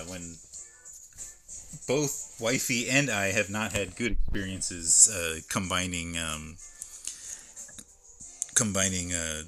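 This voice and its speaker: A man's voice: deep voice, sharp tone. A man streaming live from home, chatting casually and reading labels aloud as he unboxes. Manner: rambling, stops to read can labels aloud.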